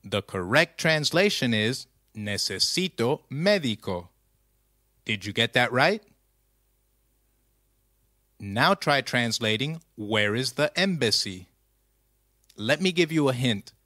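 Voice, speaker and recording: Male teacher, slow and bright, dry close-mic narration, patient quiz-style delivery. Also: medium pitch, lively intonation, dry recording. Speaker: language teacher. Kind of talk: scripted lesson narration.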